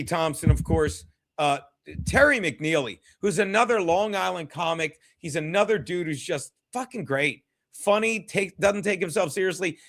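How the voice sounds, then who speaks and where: A man talks loosely on a home livestream, cursing often and drifting from thought to thought. His voice sits fairly high for a man, and he speaks straight to the chat. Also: fairly bright tone. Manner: profane, rambling, chats with viewers. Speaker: comedian hosting a livestream. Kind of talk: casual solo livestream chat.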